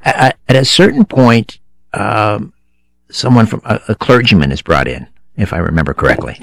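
Low-voiced male interviewer, dry sound. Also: sing-song, moderate pace, creaky, no echo. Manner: brief, attentive interjections and questions. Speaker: host.

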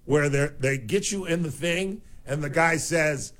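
A man hosting a radio show, telling stories in a rambling, animated way. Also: on the high side, unhurried. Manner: rambling, animated storyteller, swears for emphasis. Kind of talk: casual talk radio chat.

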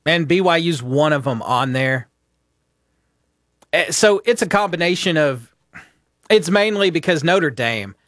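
A man's voice: a little high, animated, unhurried, pauses often, fairly bright tone, no room sound, clean studio sound. A man co-hosting a casual sports talk show, playful and teasing, ribbing his partner. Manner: playful, teasing, jumps into mock voices. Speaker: co-host.

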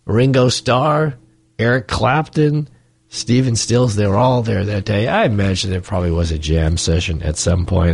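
A man hosting a morning radio show in the studio, hoarse from a cold, talking in a wry, rambling way with joking asides. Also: on the low side, normal speed. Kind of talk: casual radio banter.

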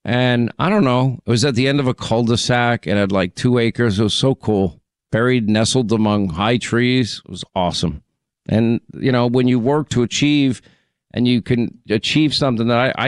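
A middle-aged male radio host with a smooth, resonant voice, recorded dry and close. He chats casually with callers, drifting into memories and teasing them. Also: medium pitch, moderate pace, no room sound. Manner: chatty, reminiscing, teasing callers. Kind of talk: casual call-in chat.

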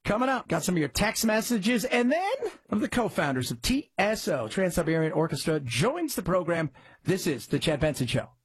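A man's voice: sing-song, normal speed, slightly rough, no echo. A man hosting a talk radio show, chatting casually and rambling, his voice jumping up for emphasis. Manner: conversational, rambling, jumps up in pitch for emphasis. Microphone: studio mic.

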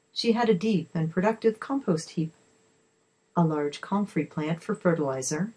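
A woman reading a children's story aloud in a steady, expressive way. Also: lowish voice, slightly rough, rough recording.

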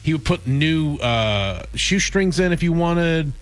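A man's voice: fairly high pitch, animated, slow, no echo. Rambling radio co-host man telling stories. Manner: rambling storyteller with many fillers. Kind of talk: casual morning-show banter.

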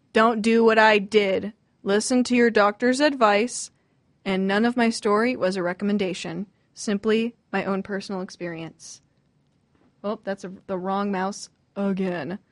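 Giggly young woman hosting, slow and dry. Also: mid-range voice, dry recording. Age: 20s. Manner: giggly, chatty, reads listener messages aloud. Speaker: radio show host. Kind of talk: casual storytelling chat.

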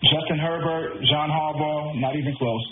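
Glum Brooklyn caller on a phone line. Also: male voice, fairly high pitch, steady tone, normal speed. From Brooklyn, New York. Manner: glum, resigned, blunt. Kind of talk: call-in sports radio. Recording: tinny phone line with music underneath.

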